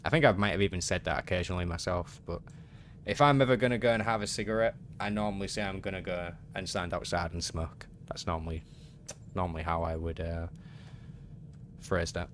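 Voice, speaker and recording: A man's voice: low-pitched, steady tone, fairly quick, a little hiss or hum. An English man streaming a game, chatting casually and answering his chat aloud in an easygoing way.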